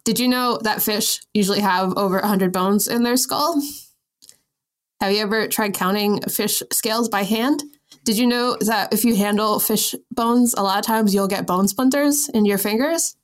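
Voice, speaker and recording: Playful and self-deprecating, a young adult podcast co-host laughs a lot as she chats casually. She speaks at medium pitch and a moderate pace.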